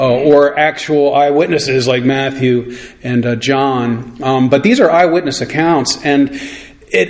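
A man preaching a relaxed, conversational sermon, with many fillers, and slowing down as he reads scripture. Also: fairly high pitch.

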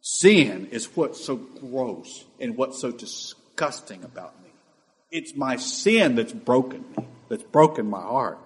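A man preaching a sermon with passion, moving between loud emphatic lines and quiet, hushed asides. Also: medium pitch, lively intonation, takes it slowly.

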